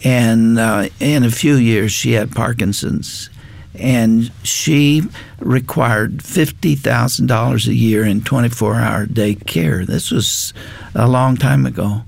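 A man's voice: medium pitch, slow, vocal fry. An older man, a guest on a Christian talk show, telling a personal testimony in an earnest, reflective way.

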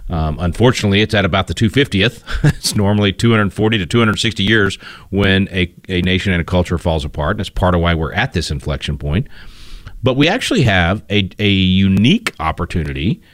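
A man's voice: sits low, expressive, fairly quick, fairly bright tone, no echo, clean studio sound. A man hosting a radio talk show, speaking casually with frequent restarts and fillers. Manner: rambling, many restarts and fillers.

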